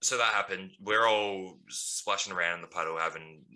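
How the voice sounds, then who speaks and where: A man's voice: deep voice, normal speed, bright, forceful tone. A man co-hosting a podcast, telling a story in casual chat with lots of ums and laughs. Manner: rambling, laughing, full of ums. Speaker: podcast co-host.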